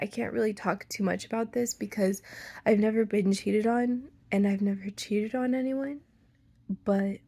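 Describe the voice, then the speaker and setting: A woman's voice: mid-range voice, creaky, dark tone, breathy edge. A young woman with an American Valley girl accent, talking casually to camera, full of "like" fillers, playful asides and half-whispered lines. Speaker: vlogger.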